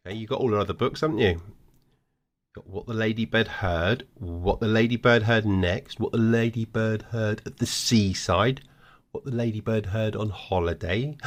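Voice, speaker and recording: Low-voiced grandad reading a bedtime story. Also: male voice, normal speed. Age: older.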